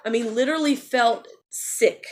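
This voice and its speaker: A woman's voice: fairly high pitch, normal speed, darkish tone, a little hiss or hum. A middle-aged woman talking candidly in a personal vlog, rambling and repeating phrases. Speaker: vlogger.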